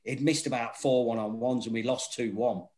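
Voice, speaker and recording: At a mid-range pitch and moderate pace, a middle-aged man tells rowdy anecdotes in casual conversation. He laughs often, swears freely and tells his stories with animation.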